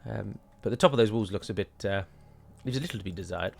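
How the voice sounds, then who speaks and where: A man's voice: on the low side, fast talker, creaky, darkish tone, soft background music. A man giving chatty, wry commentary while playing a strategy game, wandering into rambling asides. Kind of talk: gameplay commentary.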